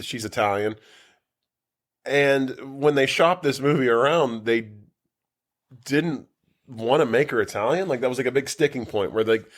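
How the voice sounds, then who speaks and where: Casual man, animated and profane. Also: medium pitch. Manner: animated, swears freely, laughs a lot. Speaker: podcast co-host. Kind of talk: casual podcast chat. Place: home basement.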